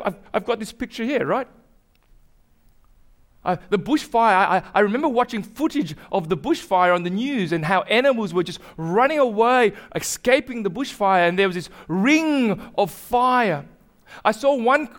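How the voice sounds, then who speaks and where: High-voiced pastor preaching earnestly. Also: male voice, a bit bright. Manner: earnest, repetitive, building in intensity. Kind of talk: sermon.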